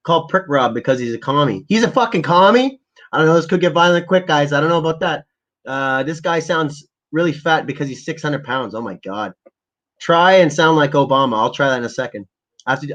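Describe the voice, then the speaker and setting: A man's voice: medium pitch, a bit bright, lo-fi sound. A man hosting a casual livestream, ranting about politics in profane, rambling bursts and reading out viewer comments. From Canada. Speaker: livestream host.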